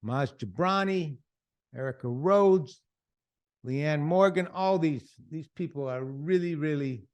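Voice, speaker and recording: A man's voice: fairly high pitch, takes it slowly, highs cut off. A man hosting a podcast, enthusiastically plugging comedy specials. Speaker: podcast host. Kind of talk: podcast promo segment.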